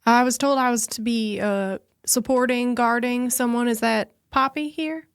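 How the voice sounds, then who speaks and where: A woman's voice: fairly high pitch, fairly even intonation, moderate pace, clean tone, no room sound, studio quality. A woman speaking in character at a tabletop game in a hesitant, politely formal way. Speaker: player.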